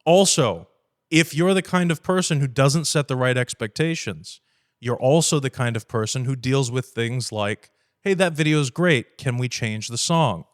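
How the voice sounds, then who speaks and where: A man hosting a podcast, speaking bluntly and profanely, lively, acting out conversations with clients. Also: a little high. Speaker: podcast host. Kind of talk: casual podcast talk.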